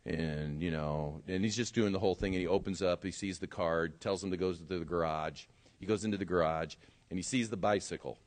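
A man preaching a sermon as pastor and telling a story, swinging from loud emphasis to quiet asides. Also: low-pitched, steady tone, fairly quick.

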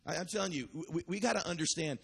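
Impassioned preacher in a reverberant hall. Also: male voice, high-pitched, fast, creaky, slight background noise. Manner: impassioned, builds to shouted cries; repeats phrases, frequent restarts. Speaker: pastor. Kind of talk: preaching a sermon.

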